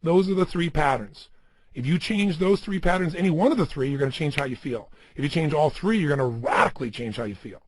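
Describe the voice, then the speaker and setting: A man's voice: on the high side, fast talker, slight background noise. A man giving a motivational seminar talk, speaking emphatically and asking the listener many rhetorical questions.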